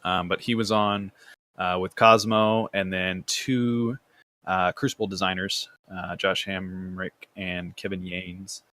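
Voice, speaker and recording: A man's voice: sits low, flat delivery, slow, bright, forceful tone, dry recording. A man hosting a casual gaming podcast, rambling with fillers and restarts. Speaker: podcast host.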